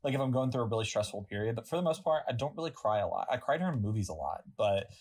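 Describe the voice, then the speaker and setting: A podcast co-host with a husky, slightly breathy voice at a middle pitch. The talk is casual and reflective, wandering through thoughts before landing on advice. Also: animated, very fast, a little mellow. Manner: reflective, advice-giving, many "like" fillers. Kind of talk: casual chat.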